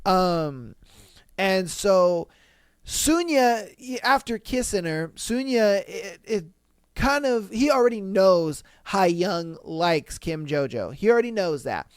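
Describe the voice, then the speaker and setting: High, clear-voiced man casually recapping a drama. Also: slow pace, no echo, clean studio sound. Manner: animated, acts out dialogue, swears casually. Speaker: podcast host.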